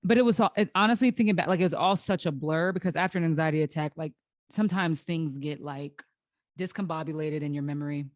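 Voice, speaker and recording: A woman's voice: deep voice, fast talker, no room sound. A woman hosting a solo podcast, telling her own story in a candid, emotional way, close to tears at times and full of restarts and fillers. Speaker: podcast host.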